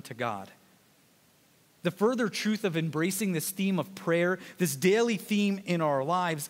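A man pastor preaching a sermon in a fast, conversational way, with joking asides to the congregation. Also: high-pitched, in a large hall.

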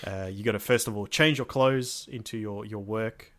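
A man's voice: lowish voice, moderate pace, a bit bright. A man co-hosting a podcast, telling a gaming story in a laid-back way and swearing freely. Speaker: podcast co-host. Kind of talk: casual storytelling chat.

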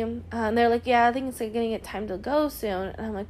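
Young woman, podcast host, personal storytelling; fairly high voice, chatty and earnest, peppers every sentence with "like". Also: fairly even intonation, fast, darkish tone, a little hiss or hum. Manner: chatty, heavy use of "like" fillers; earnest and emotional.

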